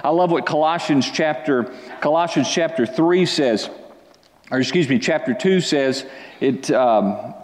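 A man preaching a sermon, reading scripture and calling for responses from the congregation, swinging between loud exhortation and quiet asides. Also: a little high, a little slow, echoey room, big-room sound. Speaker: pastor.

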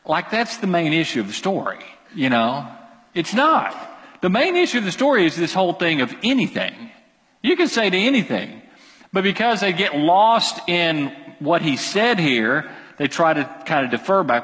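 A man preaching a sermon as pastor, animated and emphatic, with quick asides to his congregation. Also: high-pitched, in a large hall, poor audio.

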